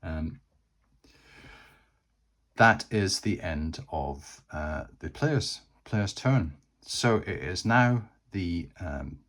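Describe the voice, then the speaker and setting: A man's voice: sits low, lively intonation, very slow, a bit bright. A man narrating a solo board game, chatty and thinking aloud as he plays.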